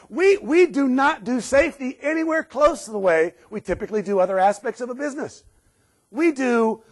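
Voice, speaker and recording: A middle-aged man giving a live safety talk to a room, sarcastic and lively, laughing often. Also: high-pitched. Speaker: safety speaker.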